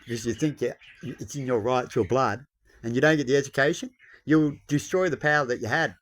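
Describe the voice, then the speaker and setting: A man's voice: medium pitch, brisk, a little hiss or hum. A man rambling bluntly in a casual monologue, lecturing a listener and tossing in tag questions and mild swearing. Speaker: vlogger.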